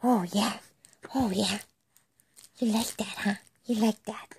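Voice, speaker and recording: A woman's voice: medium pitch, fairly even intonation, slow, creaky, a little mellow, breathy edge. A young mother cooing to her baby in playful, amazed baby talk.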